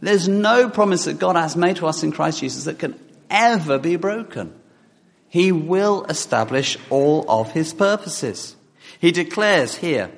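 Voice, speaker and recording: A man's voice: fairly high pitch, gravelly. A man preaching a sermon to a congregation, reading scripture aloud and putting direct questions to his listeners. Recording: long hall reverb in church.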